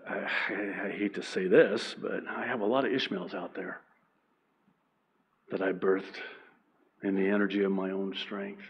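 A male pastor preaching a sermon in an animated, self-deprecating way, laughing often and acting out the people in his stories. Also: lowish voice, breathy edge, muffled recording.

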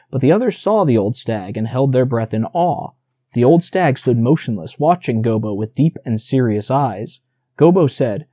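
Male audiobook narrator, expressive, lively pitch, mellow dark tone, dry close sound. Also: no room sound. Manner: expressive storytelling. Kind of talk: audiobook reading.

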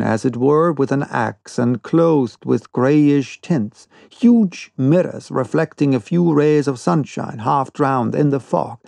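Slow gravelly male audiobook reader. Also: medium pitch, mellow, no room sound. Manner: slow, measured reading. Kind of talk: unabridged audiobook narration.

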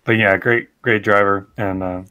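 Brief: male co-host, lowish voice, relaxed and chuckling. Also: normal speed. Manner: easygoing, laughs often. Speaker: podcast co-host. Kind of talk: casual chat.

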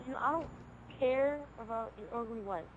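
A woman's voice: fairly high pitch, moderate pace, breathy edge, highs cut off. A woman playing a swearing, threatening police officer in an improvised game role-play. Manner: bossy, swearing, threatening, shouty.

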